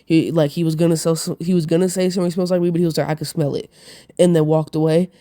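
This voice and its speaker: A man's voice: a little high, little pitch movement, very fast, mellow, no room sound. A young man telling a rambling, profane personal story in casual slang, full of fillers.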